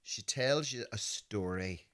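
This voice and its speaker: A man in his fifties with a Belfast accent, co-hosting a podcast and telling animated, laughing stories that act out voices. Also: fairly low pitch, slow pace. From Northern Ireland. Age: 50s. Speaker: podcast host. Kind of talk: casual storytelling chat.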